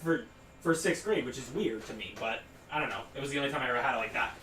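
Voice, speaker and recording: A man's voice: medium pitch, quick pace, fairly bright tone, far from the mic. Rambling young man in an echoey room. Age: 20s. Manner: rambling, filler-heavy, laughs through his story. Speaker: podcast co-host. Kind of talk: casual storytelling chat. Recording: roomy echo, off-mic, faint noise.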